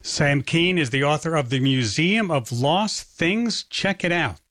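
A man hosts a radio interview and thanks his guest. His voice sits a little high and is recorded dry. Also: animated, unhurried, fairly bright tone, dry recording. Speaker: radio host. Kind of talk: interview wrap-up.

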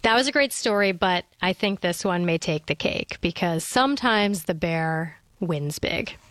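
A woman's voice: lowish voice, expressive, measured pace, a bit bright, no room sound. A woman hosting a radio show, introducing listener calls in an upbeat, conversational way. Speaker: radio host. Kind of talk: scripted radio presenting.

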